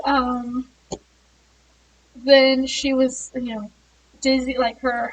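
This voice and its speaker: A woman's voice: a little high, recorded from a distance, poor audio. A woman reviewing a book, retelling its plot in a chatty way with frequent laughs and fillers.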